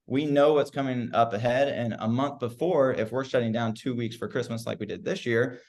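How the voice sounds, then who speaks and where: A man's voice: medium pitch, steady tone, brisk, darkish tone. Upbeat guy guesting on a podcast, easygoing chat, voice sits right in the middle, says like a lot. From United States. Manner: upbeat, filler-heavy with frequent "like". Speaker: chiropractor guest.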